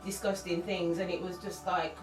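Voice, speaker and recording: A female singer, interviewed as a guest, speaks candidly and emotionally, rambling and restarting. Her voice is fairly low and flat at a normal pace, captured off-mic in a roomy space with faint music behind.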